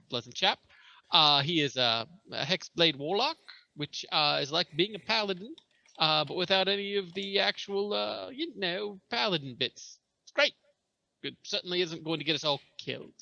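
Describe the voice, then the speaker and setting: A man's voice: a little high, vocal fry, bright, forceful tone, dull audio. A man introducing his tabletop character with dry, sardonic humor. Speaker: player.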